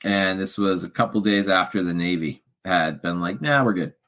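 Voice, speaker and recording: A middle-aged man, a podcast guest, telling a candid personal story in an emotional way that drops to quiet murmurs and rises to loud outbursts. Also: fairly even intonation, normal speed. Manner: emotional, swings from low murmurs to loud shouts.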